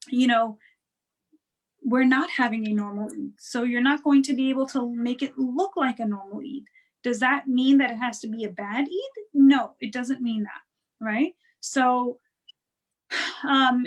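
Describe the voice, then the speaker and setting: High-voiced woman giving casual advice. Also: rough recording. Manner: conversational, frequent "right?" and "you know" tags; acts out quoted voices to show tone. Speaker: guest speaker on parenting and wellness.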